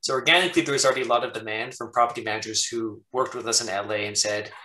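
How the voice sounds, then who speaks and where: A man's voice: medium pitch, fairly even intonation, very fast, pushed and bright, roomy sound, poor audio. A man, a business owner being interviewed, talking candidly and with animation about running his company. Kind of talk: casual interview chat.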